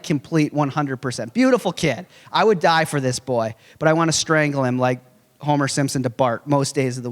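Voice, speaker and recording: A man in his forties, giving a conference lecture in a conversational, animated way with humorous storytelling. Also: on the high side. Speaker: conference speaker. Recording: long reverb of a large hall.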